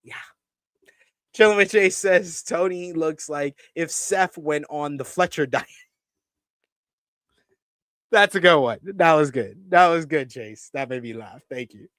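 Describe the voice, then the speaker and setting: A man hosting a live-stream wrestling review, reading viewer comments and ranting loudly at times. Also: a little high, slow, long pauses, no room sound. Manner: animated, swears when ranting.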